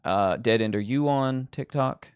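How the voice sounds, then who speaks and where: Smooth-voiced man chatting on a stream. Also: mid-range voice, measured pace, dry recording, clean studio sound. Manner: rambling, lots of um and like. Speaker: livestream host. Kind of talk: casual livestream chat.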